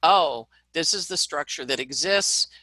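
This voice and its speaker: Bright-voiced chatty woman astrologer. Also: low voice, a little slow, no room sound, rough recording. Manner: animated, chatty, laughs between points. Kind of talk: casual astrology talk.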